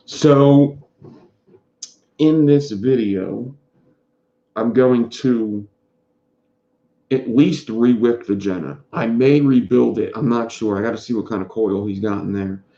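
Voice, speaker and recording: This vape reviewer is a man hosting a relaxed live stream, rambling and greeting chatters by name in a mid-range, dark-toned voice that moves slowly with long pauses. His sound is dull and lo-fi, with echo from the room.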